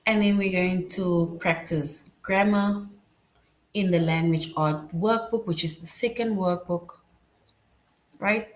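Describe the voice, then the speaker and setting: A woman with a slightly low voice teaches an online class. She talks patiently and explains step by step with examples. She keeps asking "right?" to check that her students follow.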